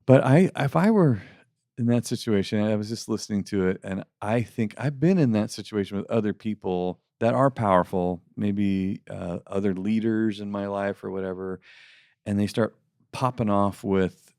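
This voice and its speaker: A man's voice: lowish voice, normal speed, darkish tone, no echo, clean studio sound. A man co-hosting an advice podcast, talking through a listener's question in casual chat and acting out empathetic replies. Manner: empathetic, acts out what he would say.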